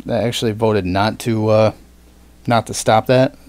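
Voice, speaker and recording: A man's voice: fairly low pitch, steady tone, normal speed, darkish tone, smooth. A man hosting a podcast in casual chat, rambling with fillers and plenty of swearing. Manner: rambling, swears often, frequent fillers and restarts. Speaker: podcast host.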